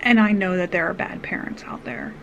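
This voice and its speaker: A woman's voice: lowish voice, wildly swooping pitch, a little fast, vocal fry, fairly bright tone, slight background noise, low-quality recording. A woman vlogger earnestly retelling a personal story, rambling with restarts and asides.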